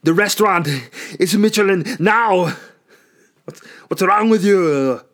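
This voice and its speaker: A man putting on a gruff action-star impression in a loud, strained, high shout. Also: slow pace. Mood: exasperated.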